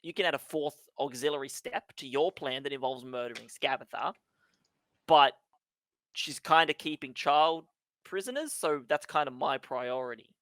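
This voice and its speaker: A game master voicing a centuries-old boy in a child's body who lays out plans in a brisk, bossy way and swears freely, on a dry close mic. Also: medium pitch, a bit bright, dry recording, close to an everyday voice. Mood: brusque. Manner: brisk, bossy, swears, keeps asking "right?". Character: ancient boy in child's body, brusque leader.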